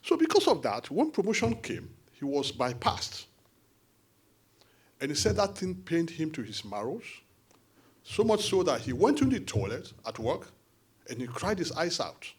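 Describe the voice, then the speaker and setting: A man with a Nigerian accent addresses a forum meeting in an animated, conversational way, with quick asides. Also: a little high, breathy edge. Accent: Nigerian English. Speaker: diaspora party official addressing a support forum.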